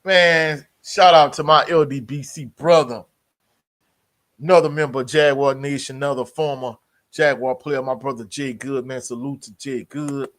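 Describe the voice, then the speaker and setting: Hosting a college sports livestream, a mid-pitched man speaks at a moderate pace with an easygoing, slang-heavy delivery, greeting chat members as he talks casually about sports.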